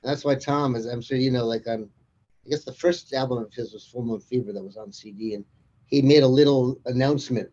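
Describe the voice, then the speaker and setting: A man's voice: mid-range voice, brisk, dark tone, muffled recording. A man as an interview guest, chatting casually and rambling through anecdotes with frequent chuckles. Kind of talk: casual conversation.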